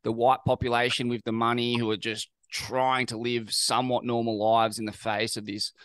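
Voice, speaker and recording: A man hosts a podcast with loose, eager energy, often groping for the next word. His voice is smooth and resonant. The sound is close and dry, with no room around it. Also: mid-range voice, little pitch movement, normal speed, a bit bright, dry recording. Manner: enthusiastic, loose, searching for words. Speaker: podcast host. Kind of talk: casual interview.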